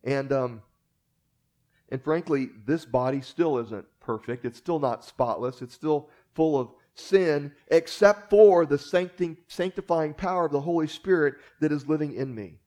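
Relaxed, joking preacher, a touch high. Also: male voice, a little slow. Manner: conversational preaching with jokes and frequent fillers. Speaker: pastor. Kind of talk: sermon.

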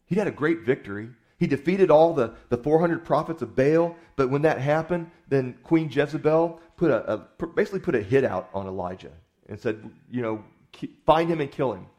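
A man's voice: mid-range voice, animated, fairly quick, hardly any pauses, warm tone. Folksy, conversational male preacher. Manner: conversational storytelling, folksy, repeats words. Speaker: pastor. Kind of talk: sermon.

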